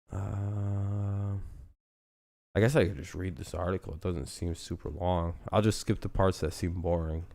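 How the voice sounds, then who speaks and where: A man's voice: low voice, vocal fry, a little mellow, no room sound, clean studio sound. A man hosting a casual live football news stream, joking and rambling with plenty of swearing.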